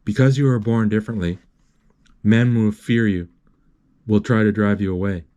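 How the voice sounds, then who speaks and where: A man voicing an old Spanish swordsman mentor who speaks calmly, in lofty sayings, while retelling a movie. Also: on the low side, moderate pace, pitched below the performer's own voice, lightly acted. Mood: solemn.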